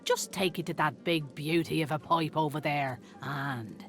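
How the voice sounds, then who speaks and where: A woman's voice: sits low, a little slow, fairly bright tone. An actress playing a sly woman herb dealer with a sultry sales patter in a video game. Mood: sultry selling.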